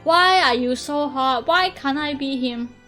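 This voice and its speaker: A young woman streamer chatting casually over a game, excitable and gushing, swearing freely. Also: high-pitched, a little slow. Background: faint game music.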